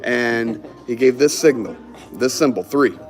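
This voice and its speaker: A man's voice: medium pitch, unhurried, soft background music. A man telling a story in casual conversation, acting out the people he quotes. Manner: animated, acts out quoted voices.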